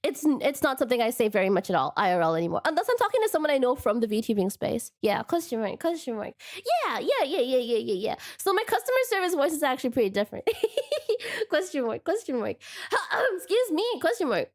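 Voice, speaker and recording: A woman's voice: high-pitched, big pitch swings, a little fast. A young woman streamer with a non-native English accent, chatting casually with viewers. She is bubbly and giggly, and keeps saying "question mark" as a verbal tic. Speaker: VTuber streamer. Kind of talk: casual live-stream chat reading viewer comments.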